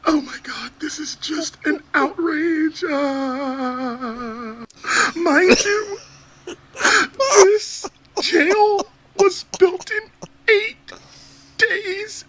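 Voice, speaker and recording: A man's voice: extremely high pitch, drawn-out words, pauses often, fairly bright tone, a little hiss or hum, exaggerated voice. A man playing an overwrought, sobbing parody of a left-wing protester in a mocking video clip, wailing through fake tears. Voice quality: mock crying, wailing.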